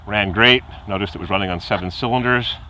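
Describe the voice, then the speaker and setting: Man, low voice, bright edge, rambling car story, outdoors at night. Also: quick pace, a little hiss or hum, rough recording. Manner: rambling, chuckling, imitates car noises. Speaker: car hobbyist vlogger. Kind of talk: casual storytelling vlog.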